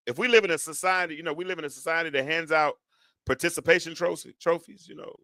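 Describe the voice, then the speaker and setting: Male preacher, rises from reflective to fervent, bright and higher pitched. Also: no echo. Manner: rising from quiet reflection to loud, drawn-out exhortation. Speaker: preacher and show host.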